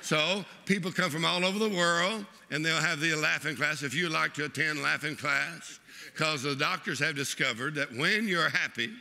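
A preacher, delivering an exuberant sermon and leading the congregation in laughter. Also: male voice, on the high side, normal speed, vocal fry, pushed and bright. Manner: exuberant, leads the crowd in laughing. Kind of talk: lively sermon.

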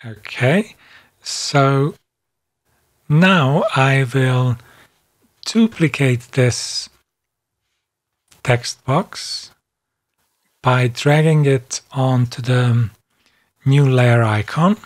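Slow, calm male software instructor. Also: mid-range voice. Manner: calm, step-by-step, unhurried. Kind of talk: screen-recorded tutorial narration.

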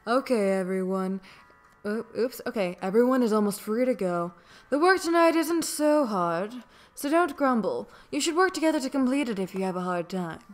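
A woman reading as a brisk female schoolteacher. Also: fairly high pitch, expressive, natural voice. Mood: lecturing. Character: stern female anime schoolteacher, playful. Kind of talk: reading a visual novel aloud.

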